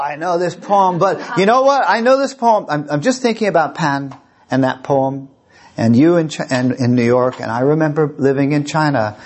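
A man's voice: on the high side, animated, normal speed. A man giving a live lecture and taking audience questions, rambling and repeating his words, openly emotional. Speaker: lecturer and museum director.

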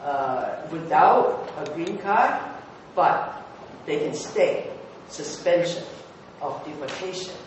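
A man, a former TV news producer, telling anecdotes to an audience, lively and halting with fillers and restarts. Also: fairly high pitch. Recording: echoey hall, voice from far off with noise.

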